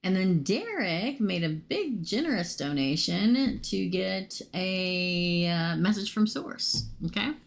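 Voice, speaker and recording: A woman with a low, gravelly voice that she is losing, giving a casual live tarot reading. She chats excitably and calls viewers by name. A faint hiss sits behind her. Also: slow, hardly any pauses. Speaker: tarot reader hosting a live stream.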